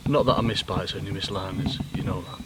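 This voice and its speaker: A man gives chatty, joking commentary from the bank of a lake. His voice sits fairly low and is caught by a camera mic well off to the side. Loud outdoor noise runs under everything he says. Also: steady tone, quick pace, distant mic. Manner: jokey, matey banter. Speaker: angler and show host.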